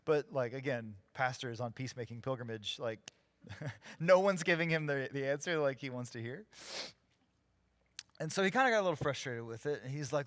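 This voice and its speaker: Man, pastor, storytelling sermon, lively, acts out quotes, dry close mic. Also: mid-range voice, fairly quick, no echo. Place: church sanctuary, live.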